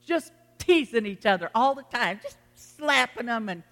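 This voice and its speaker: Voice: medium pitch, animated, moderate pace, fairly bright tone. A pastor preaching a sermon in a folksy, earnest storytelling manner, addressing the congregation from the front of a church. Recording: long reverb of a hall.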